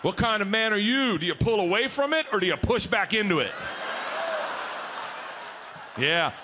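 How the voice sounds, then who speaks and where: A middle-aged man telling profane stand-up stories, breaking into shouts. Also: high-pitched, lively intonation, normal speed, crowd noise, background noise. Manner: rowdy, profane storytelling with shouted bursts. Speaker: stand-up comedian. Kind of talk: stand-up comedy routine. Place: stage before a live audience.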